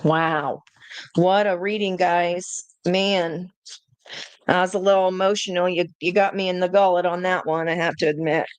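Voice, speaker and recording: A woman's voice: fairly low pitch, fairly even intonation, moderate pace, smooth, dry recording. A woman hosting a live tarot reading, chatting directly with her viewers. She often breaks off mid-thought and restarts with fillers. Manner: chatty, talks straight to viewers; self-interrupting, many fillers and restarts. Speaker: tarot reader.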